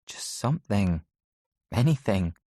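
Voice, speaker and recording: A man's voice: lowish voice, very animated, a little slow, dark tone, no room sound. A man reading an audiobook, voicing a sarcastic teenage girl who is blunt but caring, in a dry, matter-of-fact manner. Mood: gentle. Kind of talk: audiobook character voice.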